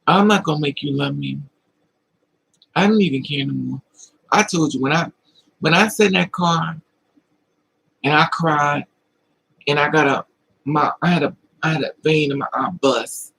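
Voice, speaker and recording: Man, livestream host, emotional confiding chat, slightly high voice, gravelly. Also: moderate pace, long pauses, fairly bright tone, low-quality recording. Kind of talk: casual livestream talk, answering chat.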